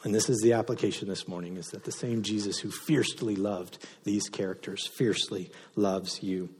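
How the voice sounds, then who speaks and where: A man pastor preaching a sermon, moving between loud impassioned passages and soft, low delivery. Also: steady tone, normal speed, slight background noise. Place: church sanctuary. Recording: reverberant hall sound.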